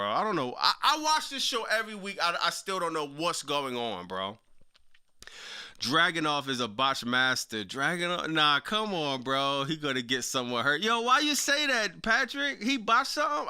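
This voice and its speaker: A man's voice: a little high, pushed and bright, smooth. A young man hosting a casual live stream, talking in slang and reacting to his chat. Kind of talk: casual wrestling commentary livestream.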